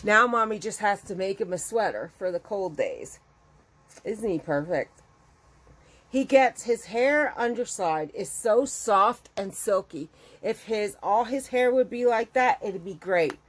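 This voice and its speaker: At home with her dogs, a middle-aged crochet vlogger talks casually, wandering off topic and growing emotional. She sounds animated yet unhurried, with a medium pitch and a breathy edge.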